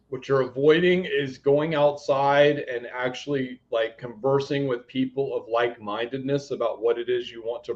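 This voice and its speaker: A man giving a live spiritual reading and healing, talking bluntly and animatedly, shifting between loud commands and quiet asides. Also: mid-range voice, lo-fi sound. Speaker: psychic healer.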